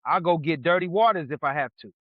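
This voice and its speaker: A man from New York hosting a podcast, telling stories in a casual, animated way and acting out what other people said. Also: on the high side, fast, no room sound. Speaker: podcast host. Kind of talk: casual storytelling chat. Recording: dull lo-fi sound.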